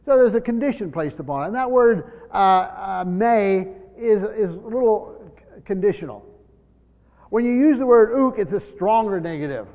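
A high-pitched male pastor preaches a verse-by-verse sermon, earnest and insistent, hammering key words and doubling back on phrases. The recording is dull and lo-fi, and his voice rings through a church hall with a long reverb tail. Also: animated, moderate pace. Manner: earnest, repeats words, stresses key words, voices imagined speakers.

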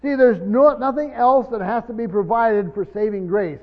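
A man preaching a Bible-teaching sermon in a teacherly way, often repeating words as he explains. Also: moderate pace. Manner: teacherly, repeats words, drops low for scripture. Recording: dull recording in a long-reverb hall.

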